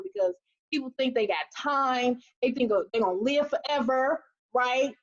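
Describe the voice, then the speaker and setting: A high-pitched woman in her thirties gives a motivational talk to her team on a webinar. She is animated and preachy and acts out the quotes in her stories. The audio is dull and lo-fi, as from a computer mic. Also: normal speed. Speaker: team leader.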